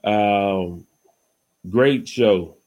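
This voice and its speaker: Speaking in a lowish, slightly mellow voice with drawn-out words, this man hosts a podcast full of loose, casual chatter. "You know what I'm saying" peppers his speech, and his rants turn heated.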